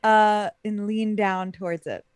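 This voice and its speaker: A woman's voice: medium pitch, fairly even intonation, measured pace, a crowd in the background. A woman playing a tabletop game, speaking tentatively and casually. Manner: tentative, hesitant. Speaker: player.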